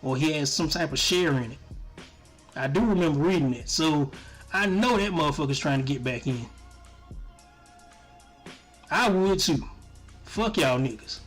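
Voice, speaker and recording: A man giving casual, profane commentary on his stream, animated and often breaking into laughter. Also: on the high side, normal speed, pauses often, faint music behind.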